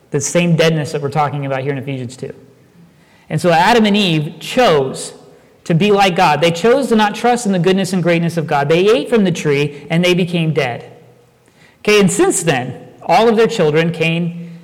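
A man preaching a sermon, talking conversationally and telling stories with animated asides. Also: fairly high pitch, in a large hall. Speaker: pastor.

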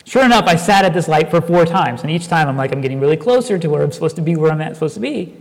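A man preaching a sermon, talking conversationally and telling stories with animated asides. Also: a little high, very fast, big-room sound. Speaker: pastor.

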